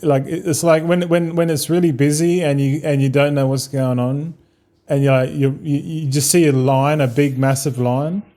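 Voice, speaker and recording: Laid-back Australian man, mellow voice. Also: medium pitch. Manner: laid-back, rambling, swears freely, laughs often. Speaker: game streamer. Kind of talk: casual live-stream chat.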